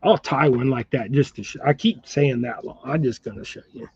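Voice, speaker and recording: A man with a gravelly voice chats casually while tying jigs at his bench indoors, rambling along and laughing often. The recording is dull and lo-fi and completely dry, with no room echo. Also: medium pitch, fairly quick, a little mellow. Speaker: fly and jig tier, channel host. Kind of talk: casual tying demonstration chat.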